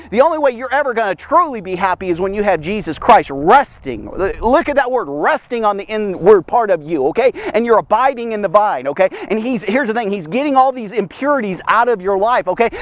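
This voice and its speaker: High-voiced, emphatic male preacher. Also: no room sound. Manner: emphatic and repetitive, frequent "okay?" and "here's the thing". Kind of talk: energetic devotional preaching.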